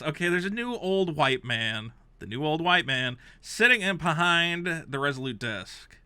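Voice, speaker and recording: Reacting to a game console review, this male host rants comedically in a sharp, bright, animated voice that swings up and down in pitch. He comes across as sarcastic and exasperated, moving from loud blow-ups to low grumbles, unhurried and smooth with few pauses. Sound is dry and close-miked.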